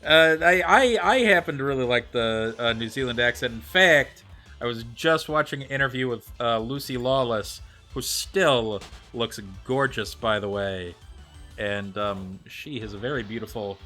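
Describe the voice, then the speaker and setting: Chatting casually with his viewers while he plays, an American man streams live with faint music in the background. His voice sits in the mid range, sharp-toned, at normal speed. He's talkative, thinks aloud, and reads out and replies to chat.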